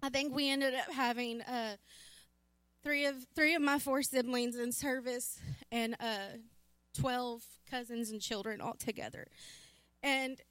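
A woman's voice: on the high side, steady tone, measured pace, fairly bright tone, clean tone, no room sound. A woman giving a heartfelt, emotional church testimony. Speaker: church member sharing a testimony.

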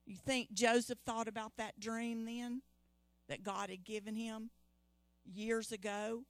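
A woman preacher with a slightly high voice tells a Bible story in a lively way, calling out to her listeners. The sound is dry and close. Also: a little slow, dry recording. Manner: lively, calls out to the congregation.

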